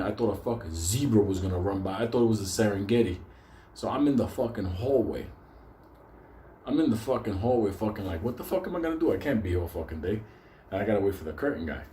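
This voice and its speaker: A man hosting his own show, telling a comic story with constant swearing and animated bursts. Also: fairly low pitch, slight background noise. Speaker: show host. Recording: echoey room with faint ambience.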